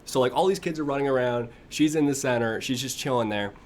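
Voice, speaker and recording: Animated young man telling stories on stream. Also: fast, slight background noise. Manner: animated storyteller, imitates kids in a high voice, laughs often. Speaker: livestream host. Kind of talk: casual livestream chat.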